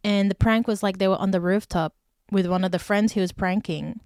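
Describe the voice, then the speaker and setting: A woman hosts a casual solo podcast in a mid-range voice. She tells stories full of "like" fillers and breaks into animated, indignant outbursts. The recording is close and dry. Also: mid-range voice, fairly quick, dry recording. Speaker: podcast host.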